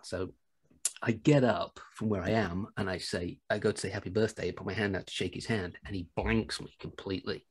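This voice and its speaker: British man, podcast host, husky voice, lowish pitch, animated, jokey storytelling. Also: brisk. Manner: animated, jokey anecdote telling. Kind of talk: casual storytelling chat.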